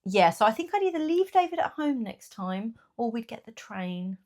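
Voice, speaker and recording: A woman, chatting casually in a small business vlog, animated and laughing often. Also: fairly high pitch, moderate pace. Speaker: small business owner and vlogger. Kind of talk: casual chat to camera.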